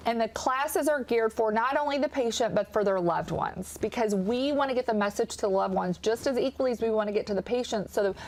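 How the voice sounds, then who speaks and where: A woman with a Kentucky accent speaks with a somewhat high voice. She explains hearing care eagerly in a TV interview, slipping into the voices of the patients she quotes. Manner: enthusiastic, acts out patient quotes. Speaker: audiologist guest.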